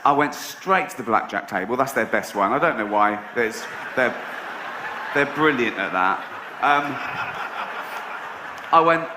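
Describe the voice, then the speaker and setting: Sarcastic comedian in an echoey venue. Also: male voice, fairly high pitch, normal speed. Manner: sarcastic, deadpan delivery with sudden loud outbursts. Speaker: stand-up comedian. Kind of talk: stand-up comedy routine. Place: large venue with audience. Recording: echoey live venue, audience noise. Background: audience laughter.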